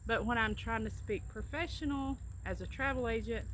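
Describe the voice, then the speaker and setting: Chatty Southern woman with bright voice. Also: fairly high pitch, moderate pace, hardly any pauses, slight background noise. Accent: Southern US, Alabama. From Alabama, US. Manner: chatty, explains words with anecdotes. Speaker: co-host, travel agent. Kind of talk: casual accent-tag chat.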